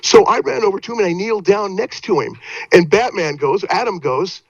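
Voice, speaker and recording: An older man with a slightly raised voice spins animated anecdotes, painting vivid pictures and piling up restarts as he goes. The sound is dry and a little muffled. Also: high voice, brisk, no room sound. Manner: lively, vivid, trips over restarts. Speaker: guest actor. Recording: dry, slightly dull audio.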